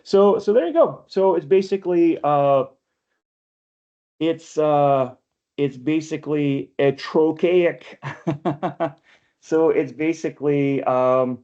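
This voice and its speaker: A man's voice: on the high side, slow pace, long pauses, mellow. A man giving an online poetry workshop lecture, explaining step by step and often checking in with "right?". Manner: explanatory, keeps asking "right?". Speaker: workshop instructor. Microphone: video call. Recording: lo-fi video call audio.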